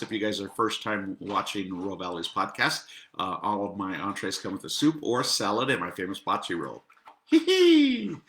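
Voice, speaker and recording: A man's voice: lowish voice, sharp tone, roomy sound. A middle-aged man who owns a restaurant, chatting casually about the menu and cracking jokes at his own puns. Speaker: restaurant owner promoting the menu. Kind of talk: casual chat.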